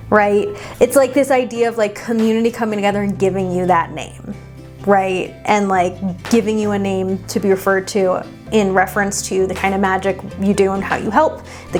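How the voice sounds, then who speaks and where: A woman giving casual reaction commentary on her own old video, animated and teasing, with casual swearing and asides to viewers. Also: medium pitch. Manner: talks straight to viewers. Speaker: witchcraft content creator.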